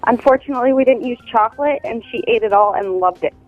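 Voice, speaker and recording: A woman's voice: fairly high pitch, fast talker, faint music behind. A woman around thirty calling a radio show to confess a prank, a little hesitant. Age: about 29. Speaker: caller. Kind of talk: phone-in confession. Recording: tinny phone line.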